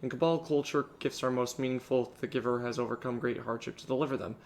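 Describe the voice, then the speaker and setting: A sick man reading the lines of an earnest, formal male military commander from a video game, in a measured way. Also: mid-range voice, fairly even intonation, creaky, darkish tone, a little hiss or hum, close to an everyday voice.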